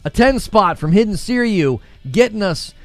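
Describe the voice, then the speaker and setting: A man's voice: sits high, lively intonation, normal speed, dry recording, soft background music. A man hosting a gaming live stream, giving heated, emphatic commentary and repeating phrases for effect. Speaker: gaming channel host.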